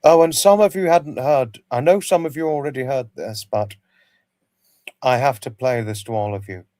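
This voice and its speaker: A man chats casually as host of his livestream, wandering from thought to thought and repeating himself. His voice sits at a middle pitch and sounds close and dry, with no room echo. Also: normal speed, dark tone. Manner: rambling, repeats himself, greets viewers by name. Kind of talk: casual chat with viewers.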